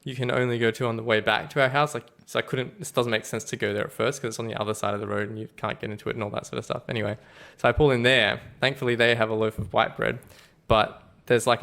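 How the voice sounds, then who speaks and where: Gravelly young man telling stories. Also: medium pitch, quick pace, few pauses, a bit bright. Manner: rambling anecdotes full of "like" fillers, laughs at his own stories. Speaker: podcast co-host. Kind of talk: casual storytelling chat.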